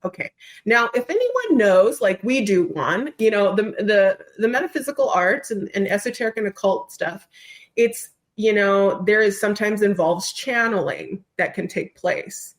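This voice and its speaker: A woman, a trained actor, who is a podcast guest, telling a story in casual, expressive chat and swearing now and then. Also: medium pitch, normal speed.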